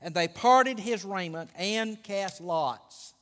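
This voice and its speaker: A man preaching a sermon, building excitement and stretching out key phrases. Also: high-pitched, slow. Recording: long hall reverb.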